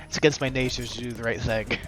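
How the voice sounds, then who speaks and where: A man's voice: mid-range voice, fairly even intonation, fast, fairly bright tone. A man streaming a game, chatting in a joking, rambling way and talking to viewers as folks. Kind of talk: casual gameplay commentary. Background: game music.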